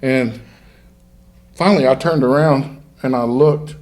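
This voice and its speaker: A man's voice: medium pitch, a little slow, darkish tone. A middle-aged man, a guest on a podcast, telling hunting stories in a rambling, self-interrupting way and laughing through them. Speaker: guest, duck hunter. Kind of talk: casual storytelling in a podcast interview.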